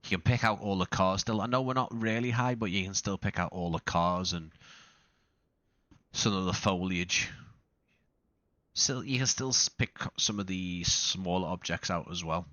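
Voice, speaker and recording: Casual flight-sim streamer, a man with a low, bright voice on a dry close mic, who talks in loose, self-correcting bursts. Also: steady tone, normal speed, dry recording. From not Australian. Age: adult father. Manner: rambling, self-correcting, with frequent restarts and fillers. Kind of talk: casual live-stream commentary.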